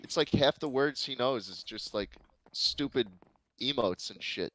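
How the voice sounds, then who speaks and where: A man with a New York accent chatting casually while gaming, brash, profane and full of deadpan teasing. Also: medium pitch, measured pace, no room sound, poor audio. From United States. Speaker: streamer.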